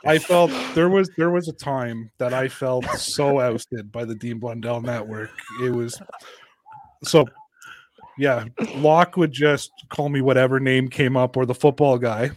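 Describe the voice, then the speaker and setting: A man telling stories as a podcast guest in casual chat, animated, swearing often and laughing a lot. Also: mid-range voice, a little slow.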